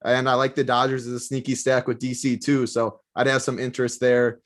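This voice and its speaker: A man giving fantasy sports picks in casual talk, matter-of-fact and brisk. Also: medium pitch, flat delivery.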